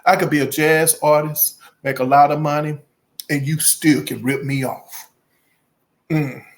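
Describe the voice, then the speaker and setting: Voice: medium pitch, unhurried. A music channel host giving casual commentary, laughing often and talking straight to the viewers with folksy asides. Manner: laughs often, chatty and animated.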